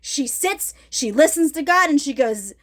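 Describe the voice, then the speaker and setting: A woman's voice: sits high, lively intonation, measured pace, fairly bright tone. A middle-aged woman giving an emphatic, casual testimony vlog from her ministry, checking in with her viewers often. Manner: emphatic, addresses viewers directly with repeated check-ins. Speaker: ministry vlogger.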